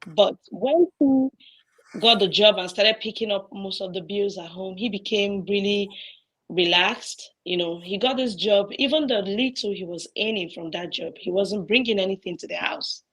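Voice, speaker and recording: A woman calling in to share a personal story, speaking softly and hesitantly over a faint, breaking line. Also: medium pitch, moderate pace, breathy edge, rough recording. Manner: hesitant, soft-spoken. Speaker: caller. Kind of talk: sharing a personal story on a call-in show. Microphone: remote call line. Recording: faint, breaking call audio.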